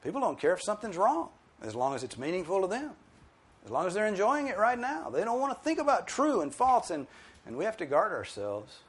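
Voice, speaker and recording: A man's voice: high voice, a little fast, breathy edge. A man preaching an expository sermon, explaining a verse and acting out objectors' voices. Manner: animated, emphatic, mimics objectors in quoted asides.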